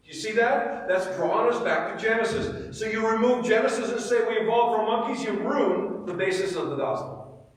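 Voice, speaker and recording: Middle-aged man, Sunday school teacher, animated storytelling, swooping pitch, far from the mic. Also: moderate pace. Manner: animated storytelling, asks the class questions. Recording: echoey church hall, mic far away.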